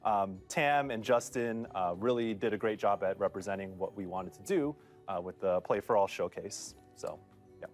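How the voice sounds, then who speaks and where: A man from Southeast San Diego co-hosting a livestream panel, talking earnestly and warmly about his colleagues. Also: lowish voice, moderate pace, soft background music. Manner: earnest, heartfelt shout-outs. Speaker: co-host from the gaming outlet. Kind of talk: casual panel chat.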